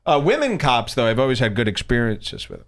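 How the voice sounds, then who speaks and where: A man's voice: mid-range voice, brisk. A middle-aged man from the Chicago suburbs hosting a podcast, telling stories in casual chat and acting out the quotes. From Chicago suburbs, USA. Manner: animated storyteller, acts out quotes. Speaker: podcast host.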